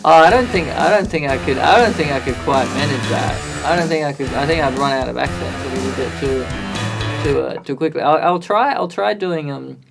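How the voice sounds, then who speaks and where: A man's voice: on the high side, normal speed, vocal fry. A man live-streaming a music recording session, thinking aloud and chatting with viewers in a self-deprecating way. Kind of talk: casual live-stream chat.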